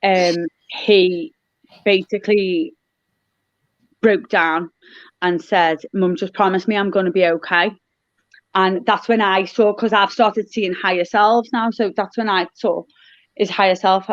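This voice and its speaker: Woman guest, mid-pitched, halting and earnest; dry, muffled call audio. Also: fairly even intonation, dry recording. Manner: halting, many restarts, earnest. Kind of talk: casual chat.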